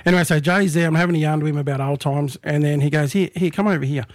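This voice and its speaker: A man with an Australian accent tells stories at a rapid clip, his voice sitting a little high for a man. He spins his yarns in animated bursts, laughing along the way. The sound is dry and close. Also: dry recording. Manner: animated yarn-spinning, laughs often, acts out quoted voices. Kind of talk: casual storytelling chat.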